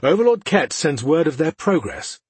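A man's voice: fairly high pitch, sing-song, normal speed, husky, dry recording, pitched above the performer's own voice, exaggerated voice. A man voicing a cruel, imperious goddess. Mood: gloating. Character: cruel commanding female goddess ruler.

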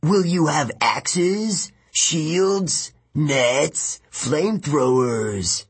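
A man voicing a huge, brutal giant who rules an arena, speaking slowly in a booming voice with a husky, raised tone. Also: expressive, full character voice. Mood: gloating. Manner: slow booming shouts. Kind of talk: audiobook narration.

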